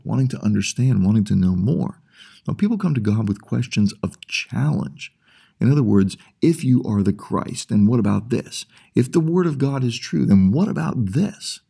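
A man's voice: lowish voice, gravelly, dark tone, husky. A man preaching a sermon as pastor, explaining his points at length and posing rhetorical questions.

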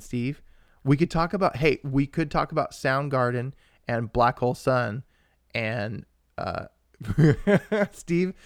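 A young man co-hosting a live-streamed podcast, chatting casually in a rambling, excitable way while he answers viewers. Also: medium pitch, dry recording, clean studio sound. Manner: rambling and excitable, with frequent restarts and asides to viewers. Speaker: podcast co-host.

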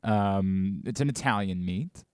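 A man's voice: low voice, a little slow, clean tone, no echo, clean studio sound. A man hosting a radio show, chatting casually and reading contest promos with rising enthusiasm. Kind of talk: casual sports radio chat.

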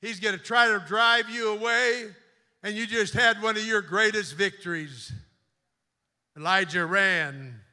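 A man delivering a fervent sermon from the pulpit, his voice high and ringing with a sharp, bright edge. He drops low to tell the story, then climbs into loud exhortation. A long reverb trails each phrase through the sanctuary. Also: a little slow. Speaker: bishop preaching. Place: church sanctuary.

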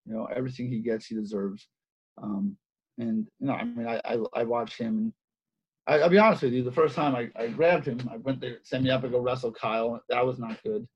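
Male wrestling coach, mid pitch, slightly husky, chatty and animated. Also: fairly quick. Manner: animated, repeats phrases, many fillers. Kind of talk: casual interview storytelling. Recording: dull lo-fi sound.

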